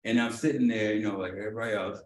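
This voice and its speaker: A man telling a personal story during a training talk, casual and animated, often acting out the lines of the people in it. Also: on the low side, racing. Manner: animated, acts out dialogue, often asks "you know what I'm saying". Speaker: executive director leading a training. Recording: roomy echo, mic at a distance, faint noise.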